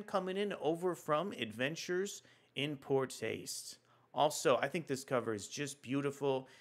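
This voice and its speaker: A man's voice: medium pitch, a bit bright. Chatty man hosting a comics livestream. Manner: chatty, enthusiastic, frequent fillers. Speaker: livestream host. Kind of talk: casual comics news livestream.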